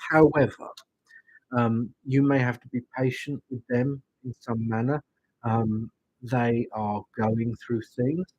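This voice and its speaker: A man hosting a live-streamed tarot reading, talking gently and reassuringly and checking in with the listener as he goes. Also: mid-range voice, fairly even intonation, slow pace, highs cut off, a little hiss or hum. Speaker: tarot reader and stream host.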